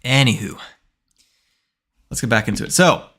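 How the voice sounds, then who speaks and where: A man's voice: medium pitch, animated, moderate pace, fairly bright tone, breathy edge. A young man in his twenties streaming his game development, talking casually and thinking aloud with frequent restarts. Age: 20s. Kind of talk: casual live-stream talk while coding.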